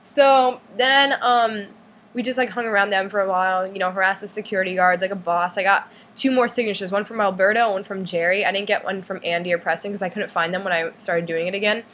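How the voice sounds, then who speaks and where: A woman's voice: mid-range voice, steady tone, fairly quick, a bit bright, slight background noise. A young woman casually telling a long story, with "like" in nearly every phrase and squealing when she acts out others. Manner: chatty, full of "like", acts out others' lines in a squealy voice. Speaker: fan recounting a concert trip.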